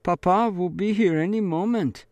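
A man's voice: sits high, moderate pace, a little mellow, dry recording, voice pushed up, natural voice. A man voicing a frightened young girl with a cane, speaking in a trembling, pleading way.

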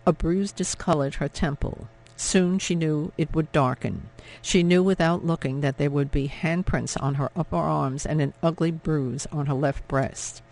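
Gravelly male audiobook narrator. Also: a little high, steady tone, darkish tone. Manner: measured, dramatic reading. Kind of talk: scripted narration.

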